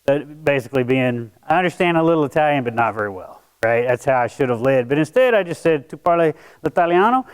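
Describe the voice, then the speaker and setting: A man's voice: mid-range voice, animated, quick pace, hardly any pauses, smooth, low-quality recording. A man, preaching a sermon as a pastor and telling a personal story in a conversational, self-deprecating way.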